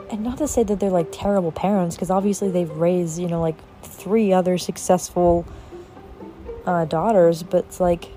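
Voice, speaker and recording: Rambling young woman, low mellow voice. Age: young adult. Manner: rambling, filler-heavy, swears casually. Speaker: podcast host. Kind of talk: casual personal storytelling.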